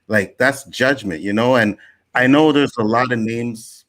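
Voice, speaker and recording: This Nova Scotia man speaks at medium pitch and a slightly slow pace. He's an animated storyteller on a relaxed Canadian panel show, voicing other people's lines along the way.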